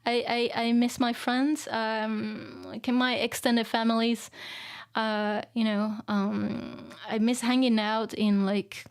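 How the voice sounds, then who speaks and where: A woman's voice: a little high, level tone, slow, clean tone. A woman whose first language is Japanese, chatting casually on a live stream, reading out viewer comments, laughing often and using many fillers.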